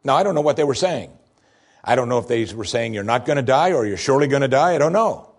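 Preaching quickly in a husky voice, this pastor gives an expressive sermon. He rises to stress his points, then drops low and gentle to read scripture.

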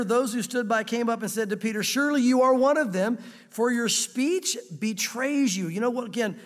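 A man preaching a sermon in a church, emphatic and conversational, calling his listeners "guys". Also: very high voice. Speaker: pastor. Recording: long hall reverb.

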